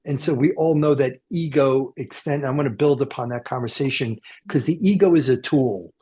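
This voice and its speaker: A man's voice: mid-range voice, brisk, warm tone, husky. A man hosting a radio talk show from a car dealership, rambling and joking with plenty of fillers and restarts. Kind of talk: casual chat.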